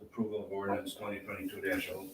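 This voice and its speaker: A man serving as a township trustee, speaking casually and haltingly in a board meeting discussion. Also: deep voice, completely flat delivery. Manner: casual, halting, repeats words. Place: indoor township meeting room. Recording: echoey meeting room, mic far off, background noise.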